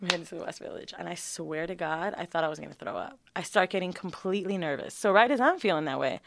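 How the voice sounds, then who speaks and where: A young woman casually telling a long, animated, profanity-filled story as a podcast co-host. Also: on the low side, fast, gravelly, background noise.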